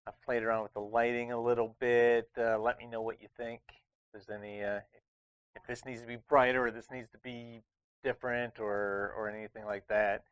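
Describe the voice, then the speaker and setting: A man's voice: medium pitch, flat delivery, normal speed, clean tone, no room sound. A man hosting a casual board game review, talking in a chatty, rambling way with lots of restarts. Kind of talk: casual chat.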